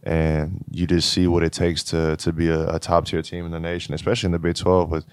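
A man's voice: low-pitched, completely flat delivery, fairly quick, clear, resonant tone, no echo. A young man in his twenties, a college basketball player, telling stories in a laid-back, slangy way during a casual interview. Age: 20s.

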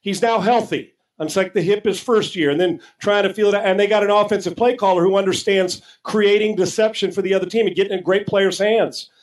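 A man's voice: high-pitched, fairly even intonation, fairly quick, few pauses, rough recording. A man co-hosting a sports talk show, arguing emphatically and casually with some profanity, often repeating words as he starts a sentence.

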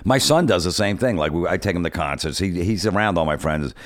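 A middle-aged male comedian talks on a podcast, telling prank stories in a blunt, laid-back manner. His voice sits low and deep. The close recording is dry. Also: lively intonation, a little fast, no room sound. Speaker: comedian guest. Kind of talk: casual comedic storytelling chat.

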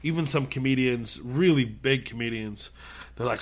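A man's voice: mid-range voice, normal speed. A man who works as a comedian, chatting as an interview guest, telling stories with animation and frequent laughter. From Middle East. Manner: animated storytelling, often laughing. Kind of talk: casual interview conversation.

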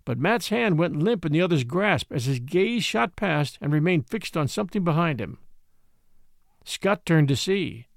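An expressive male narrator reads a classic novel aloud. His voice is somewhat high, gravelly and lively in pitch. The recording is close and dry. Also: normal speed, no room sound. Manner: expressive storytelling. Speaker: audiobook narrator.

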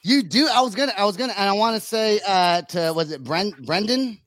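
A man's voice: high voice, expressive, brisk, a bit bright, no echo. A man in his thirties from California hosting a podcast, chatting casually with crude, profane jokes. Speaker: podcast host. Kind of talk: casual chat.

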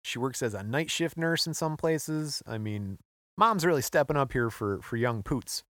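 A man's voice: mid-range voice, lively intonation, moderate pace, a bit bright, no echo, studio quality. A man co-hosting a podcast, retelling a story in an offhand, joking way. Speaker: podcast co-host. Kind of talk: casual chat.

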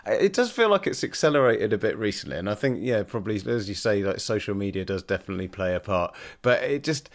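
A man hosting a casual podcast chat, amused and exasperated about slang. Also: medium pitch. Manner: amused, exasperated, laughs often.

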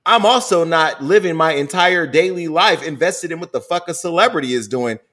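A man's voice: a little high, animated, moderate pace, a bit bright. A middle-aged man hosting a podcast, talking bluntly and with plenty of swearing in candid casual chat. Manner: blunt, profane, storytelling. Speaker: podcast host.

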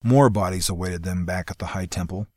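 A man reading a fantasy novel aloud in a steady, measured narration. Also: low-pitched, no room sound, clean studio sound. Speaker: audiobook narrator.

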